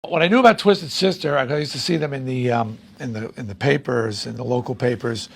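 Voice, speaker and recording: Gravelly man recalling, hesitant. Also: medium pitch, fairly quick. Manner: hesitant recollection with fillers. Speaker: interviewee. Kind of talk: documentary interview.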